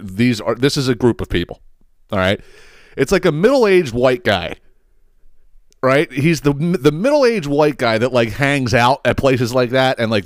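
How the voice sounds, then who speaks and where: A podcast host with a medium-pitched voice tells a rambling, profane story in a casual monologue, recorded with studio quality and no echo. He often stumbles over his words and laughs at himself.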